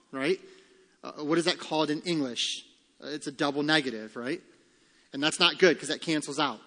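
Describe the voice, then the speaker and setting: Man, pastor, sermon, earnest, emphatic, slows for emphasis, fairly high voice, long hall reverb. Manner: earnest and emphatic, slowing and dropping soft on key phrases.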